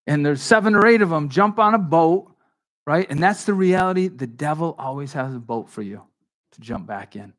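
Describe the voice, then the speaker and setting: Man preaching an animated sermon. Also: on the high side, moderate pace. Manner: animated preaching, voices Bible figures in dialogue; conversational with frequent restarts and asides. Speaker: pastor.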